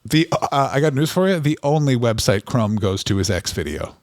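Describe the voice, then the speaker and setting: A man co-hosting a comedy podcast, riffing in deadpan, absurd bits and dropping into silly voices. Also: medium pitch, moderate pace, no room sound, studio quality. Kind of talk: casual comedic banter.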